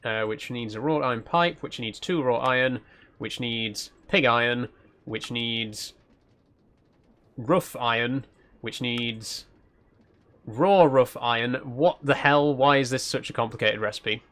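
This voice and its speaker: A man's voice: mid-range voice, unhurried, fairly bright tone. Chatty man with mild Yorkshire accent. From South Yorkshire, England. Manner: chatty, thinking aloud. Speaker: streamer. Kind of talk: casual live-stream commentary while playing.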